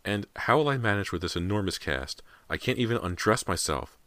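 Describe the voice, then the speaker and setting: A man's voice: lowish voice, expressive, a little fast, a bit bright, no room sound, pitched above the performer's own voice. A man voicing a worn-out, grieving mother who moans and complains tearfully. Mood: moaning. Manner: moaning, complaining.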